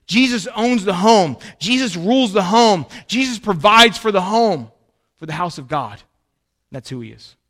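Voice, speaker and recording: A man preaching a sermon to his church, emphatic and animated, swinging between loud and quiet. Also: high voice, normal speed. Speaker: pastor.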